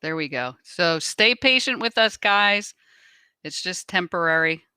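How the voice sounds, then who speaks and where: A woman's voice: fairly low pitch, animated, measured pace, sharp tone, clear, resonant tone, dry recording, clean studio sound. A woman co-hosting a live stream, speaking reassuringly to viewers while a technical problem gets sorted. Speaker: co-host.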